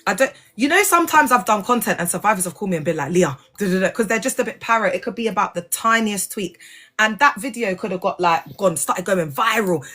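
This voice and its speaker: A woman's voice: mid-range voice, lively intonation, fast talker, pushed and bright, faint music behind. A woman hosting a casual livestream, talking animatedly and in slang straight to her viewers. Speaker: livestream host, former church member.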